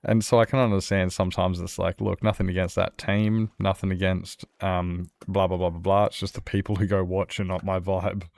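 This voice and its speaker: Chatty Australian streamer, male, lowish voice, dry close sound, rambles and laughs easily while he plays. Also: little pitch movement, a little fast, vocal fry, hardly any pauses, a little mellow, dry recording. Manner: rambling and chatty, laughs often, many restarts. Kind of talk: casual chat with viewers while playing a survival game.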